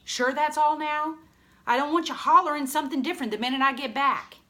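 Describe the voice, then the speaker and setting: A woman's voice: high-pitched, a little fast, bright, forceful tone, voice pushed up. A woman doing a proud, drawling young boy. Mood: excited. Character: boastful boy, stubborn, proud and jumpy.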